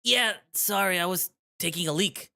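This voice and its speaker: A man's voice: sits high, normal speed, sharp tone, voice pushed up, full character voice. A man reading a visual novel aloud and voicing its nervous young adult male protagonist in a raised, eager voice. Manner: eager, slightly flustered delivery.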